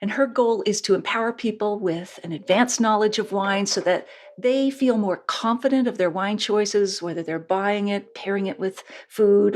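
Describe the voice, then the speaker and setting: An enthusiastic woman hosting a podcast interview, chatting warmly with her guest and laughing easily. Her voice sits at a middling pitch for a woman. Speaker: podcast host.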